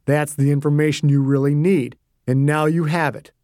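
A man voicing a cold, sneering male killer who talks slowly and flatly. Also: on the high side, dry recording, studio quality, lightly acted.

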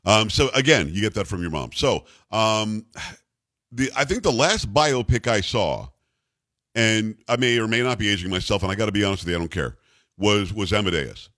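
A man's voice: fairly low pitch, lively intonation, normal speed, a bit bright, no echo, studio quality. A middle-aged man hosting a radio talk show, rambling and teasing his co-hosts. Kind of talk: casual talk radio banter. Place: radio studio.

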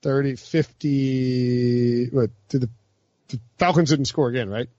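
A man hosting a casual sports betting chat, talking quickly with frequent restarts and laughs. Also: medium pitch, fairly even intonation, dark tone, no room sound, muffled recording. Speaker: podcast host.

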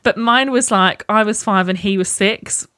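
A woman's voice: medium pitch, moderate pace, pushed and bright, smooth, no echo, clean studio sound. A woman co-hosting a podcast in casual chat, blunt and self-mocking, laughing often. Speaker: podcast co-host.

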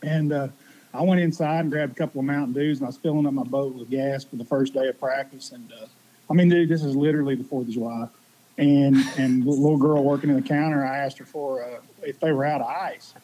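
Husky-voiced Tennessee man, easygoing guest. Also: medium pitch, fairly even intonation, warm tone, rough recording. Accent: Tennessee Southern. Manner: easygoing, drawn-out anecdotes with uh fillers. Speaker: veteran pro angler guest. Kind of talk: casual chat.

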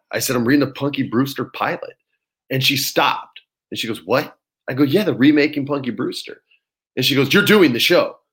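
A man, an actor, telling a story in casual chat, lively and swearing freely as he acts out quotes. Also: medium pitch. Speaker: actor guest.

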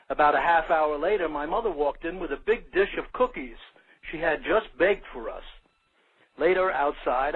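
A man's voice: a little high, husky. An older man from Brooklyn, New York, reading his own short story aloud in a plain, earnest way. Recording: narrow phone-like sound.

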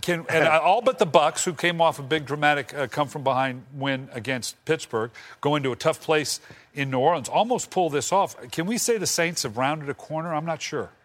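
A middle-aged former football coach co-hosting a podcast, animated and steering the talk, with quick asides. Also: male voice, fairly high pitch. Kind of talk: casual podcast chat.

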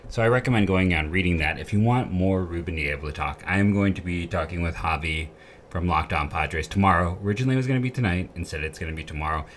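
Male sports podcast host, very low voice, rambling and candid, faint hiss behind. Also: fast talker. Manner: rambling, candid, frequent fillers and restarts. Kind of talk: casual sports podcast monologue.

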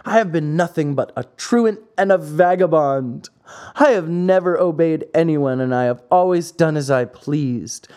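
A small wooden puppet boy, pleading and tearful, his voice climbing high and swinging wildly, as a man reading a storybook puts him on. The pitch sits well above a normal speaking voice. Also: a little mellow.

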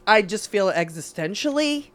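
A middle-aged woman co-hosting a laid-back podcast, talking through her feelings in a reflective way. Her pitch sits in a plain middle range, and she backs up her co-host with quick, warm-hearted replies. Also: expressive. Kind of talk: casual chat.

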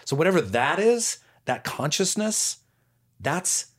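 A man speaking as a podcast guest, calm and musing, sometimes trailing off softer. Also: a little high, slow pace. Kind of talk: reflective conversational talk.

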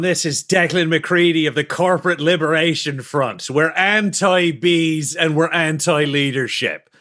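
A man's voice: a little high, sharp tone. A man voicing a defiant rebel leader delivering an ultimatum. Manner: menacing broadcast ultimatum. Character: defiant male rebel leader making demands.

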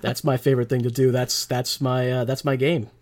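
A woman's voice: extremely low pitch, little pitch movement, fairly quick, a little mellow. A woman co-hosting a casual podcast about a film, joking around and swearing casually. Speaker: podcast co-host. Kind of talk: casual chat.

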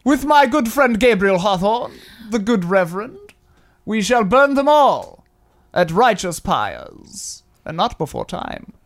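A woman voicing a zealous puritan man who vows to burn witches, speaking in a slow, solemn way. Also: medium pitch, very animated.

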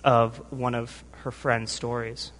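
A man's voice: mid-range voice, little pitch movement, slow, fairly bright tone, a little hiss or hum. A man preaching a sermon, emotional and tired from little sleep, talking earnestly with frequent restarts and "right?" tags. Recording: long hall reverb.

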